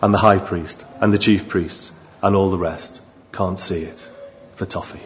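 A man's voice: steady tone, measured pace, slight background noise. Man preaching with rising emphasis. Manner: swings from quiet, low asides to raised emphatic appeals. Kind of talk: sermon.

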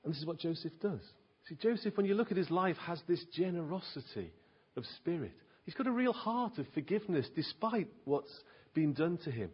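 A man's voice: on the high side, lively intonation, fairly quick, husky. A man preaching a sermon in an earnest, emphatic way, asking his listeners rhetorical questions. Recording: dull lo-fi recording.

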